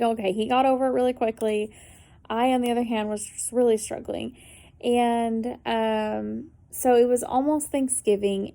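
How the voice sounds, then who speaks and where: A woman with a mellow, mid-range voice, a vlogger, shares a personal story as casual spoken testimony to the camera. She sounds earnest and conversational, using many fillers.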